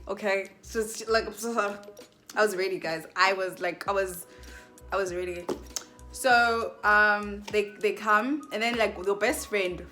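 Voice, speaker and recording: A young woman tells a story to her vlog viewers, chatty and dramatic, piling up fillers as she goes. Her voice is bright and crisp. Faint music plays behind her. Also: medium pitch, steady tone, measured pace. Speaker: vlogger.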